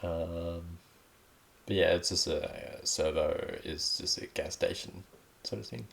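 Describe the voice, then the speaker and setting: A man's voice: low voice, slow, vocal fry, a bit bright. A young Australian man hosting a casual solo podcast, rambling in a laid-back way with lots of ums. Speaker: podcast host.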